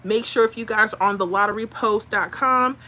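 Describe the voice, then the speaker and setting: Bright-voiced, animated woman host. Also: on the high side, fairly quick. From Florida. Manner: animated, chatty, laughs often, acts out voices. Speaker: livestream host. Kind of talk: casual live-stream chat with storytelling.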